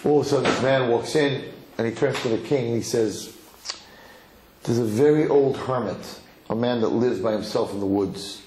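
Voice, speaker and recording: A man giving a lively Torah lecture as a rabbi, emphatic and given to repeating words as he builds to a story. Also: medium pitch, normal speed. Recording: roomy hall with faint noise.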